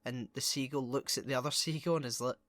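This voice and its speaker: A man co-hosting a podcast, chatting playfully with quick jokey asides. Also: mid-range voice, fairly even intonation, a bit bright, no echo. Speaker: podcast co-host. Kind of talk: casual chat.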